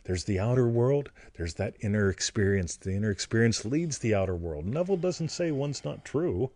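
Playful man with a lively voice. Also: fairly low pitch, moderate pace. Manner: playful, joking and crude, keeps asking "right?". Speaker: co-host and teacher. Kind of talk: casual teaching chat on a livestream.

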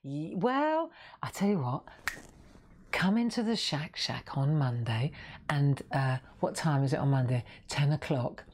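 A woman's voice: extremely low pitch, measured pace, a little mellow, breathy edge. A middle-aged woman hosting a live craft show, chatting playfully with viewers and joking as she shows her work. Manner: chatty, playful, sings snippets and jokes with viewers. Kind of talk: live craft stream chat.

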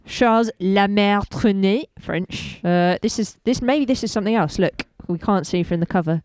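A woman's voice: medium pitch, normal speed, darkish tone, smooth, no room sound. A woman browsing records and musing aloud with wry asides. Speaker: shop visitor browsing records. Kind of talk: casual chat. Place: record shop in a venue.

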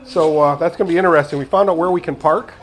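A man's voice: a little high, fast, rough recording. A retired man in his sixties chatting casually and rambling to viewers while he cooks in his home kitchen. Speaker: vlogger. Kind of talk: casual home cooking vlog.

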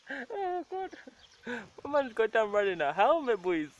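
Young man swearing through a lively vlog. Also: extremely high pitch, slow pace, lo-fi sound, slight background noise. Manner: swears a lot, laughs often, excited running commentary. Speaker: vlogger. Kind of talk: casual profane vlog chatter. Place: outdoors behind a house.

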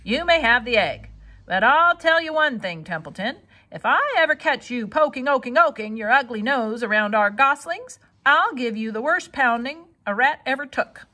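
A woman's voice: sits high, big pitch swings, fast, few pauses, pushed and bright, voice pushed up, exaggerated voice. A woman voicing a strong, protective gander who blusters and threatens. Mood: threatening.

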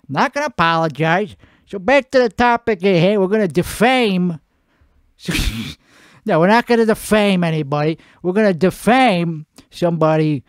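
A man with a put-on Italian-American accent rambles through a profane, self-mocking comedy monologue. His pitch swings up and down a lot. The sound is close and dry. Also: lively intonation, normal speed, clear, resonant tone, dry recording. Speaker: comedy show host. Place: home at night.

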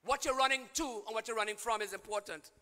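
Man, priest, sermon, bright ringing voice, call-and-response, long church reverb. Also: high voice, quick pace. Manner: call-and-response preaching, swings from quiet to shouting.

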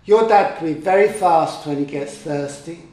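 A man's voice: fairly high pitch, normal speed, mellow, close to an everyday voice. A man voicing an anxious, caring mother elephant in a storybook tale, fussing over her children. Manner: fussing and exclaiming. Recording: echoey room.

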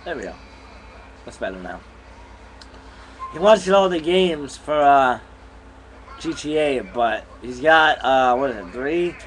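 A man's voice: mid-range voice, expressive, measured pace, long pauses, slight background noise, poor audio. A young man casually vlogging from a bedroom at home, rambling in an easygoing way while chewing gum, recorded on a camera mic. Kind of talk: casual vlog chat.

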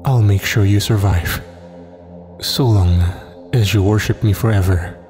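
A man voicing a cold, arrogant young male god who speaks in a calm, taunting way in a horror story. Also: fairly low pitch, a little slow, soft background music, natural voice. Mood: calm menacing.

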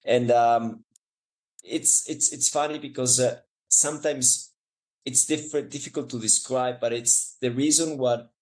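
A man's voice: medium pitch, steady tone, a little slow, rough recording. A man from Ecuador with a Spanish accent, a mountain guide telling an emotional story as an interview guest, restarting phrases often. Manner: warm, emotional, frequent restarts and laughs.

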